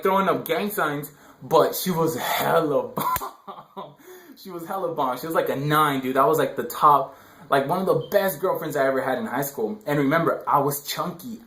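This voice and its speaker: A man's voice: medium pitch, fairly bright tone. A young man giving casual dating advice in a rambling, slangy way, full of "like" and "you know". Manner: rambling, filler-heavy slang. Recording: roomy echo.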